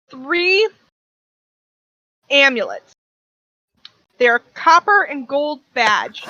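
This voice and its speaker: A woman narrating as game master of a tabletop game, explaining rulings in a halting, plain way. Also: a little high, bright, forceful tone, no echo, muffled recording.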